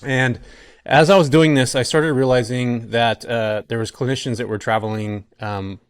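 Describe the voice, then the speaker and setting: A man's voice: medium pitch, moderate pace, clear, resonant tone, no echo. Easygoing californian guy in his 40s, rambling story, lots of um and like, dry sound. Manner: relaxed, chatty storyteller, frequent "um" and "like". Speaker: guest. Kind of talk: casual podcast chat.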